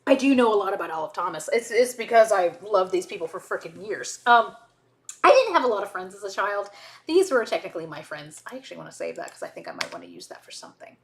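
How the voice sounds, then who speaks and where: Lively-pitched woman rambling through a stream. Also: fast talker. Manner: rambling, tangent-prone, frequent self-interrupting asides. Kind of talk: casual chat while video editing.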